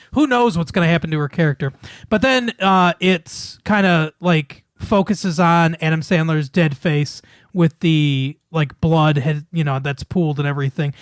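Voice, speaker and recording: A man's voice: fairly high pitch, dry recording, clean studio sound. A man in casual chat, retelling a film's plot in a rambling way, with many fillers and restarts and frequent laughs. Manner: swears casually. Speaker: podcast co-host.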